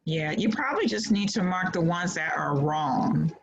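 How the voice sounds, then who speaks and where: A woman tutoring a class over a video call, reading answers in a patient, steady way. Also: lowish voice, normal speed, creaky, over a noisy crowd. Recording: dull video-call audio.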